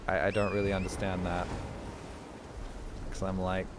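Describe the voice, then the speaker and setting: A man's voice: low voice, completely flat delivery, normal speed, background noise. A young Australian man chatting casually to viewers during a game stream, rambling and joking. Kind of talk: casual chat while gaming.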